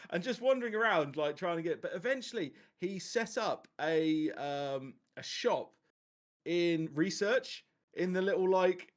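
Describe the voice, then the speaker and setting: A man with a fairly high voice chats loosely on a podcast. He rambles, swears casually and laughs between thoughts. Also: expressive, measured pace. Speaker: podcast host.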